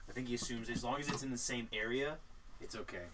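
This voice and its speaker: A man's voice: medium pitch, fairly even intonation, fast talker. Man chatting off-mic. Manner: dry, teasing, reads out chat comments. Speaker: co-host reading viewer comments. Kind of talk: casual chat. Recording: distant mic with faint hiss.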